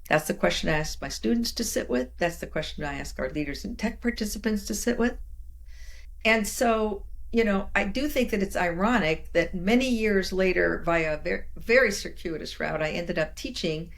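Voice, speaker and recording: An older woman, a professor as interview guest, telling animated stories in conversation and acting out quoted voices. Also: mid-range voice, moderate pace, creaky. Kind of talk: storytelling in conversation.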